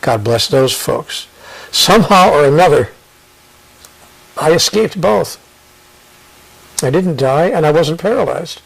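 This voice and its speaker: In a reflective interview, an earnest, thoughtful American spiritual author speaks in a rather high, husky voice with vocal fry and lively intonation. He keeps restarting sentences, repeats phrases, and slows for emphasis, and the recording is rough.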